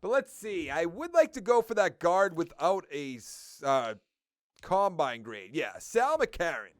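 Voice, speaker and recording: High, lively man with a Boston accent. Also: measured pace, dry recording. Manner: thinking aloud while ticking through stats and numbers. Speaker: gaming video creator. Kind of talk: casual gameplay commentary.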